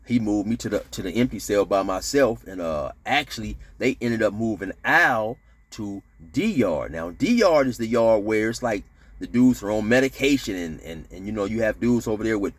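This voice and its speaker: A man casually telling a prison story to camera, animated, with slang and shouted sound effects. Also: on the low side, normal speed. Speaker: storyteller recounting prison life.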